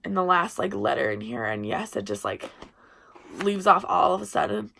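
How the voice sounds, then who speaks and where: A woman's voice: lowish voice, very animated, moderate pace, creaky, sharp tone, slight background noise. A young woman in a casual book review vlog, chatty and gushing, often trailing off mid-sentence while talking to her camera. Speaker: book vlogger.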